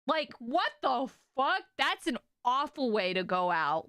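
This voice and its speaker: A woman streamer reacting in casual livestream chat, excitable and swearing often. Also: sits high, measured pace, hardly any pauses, no echo, clean studio sound.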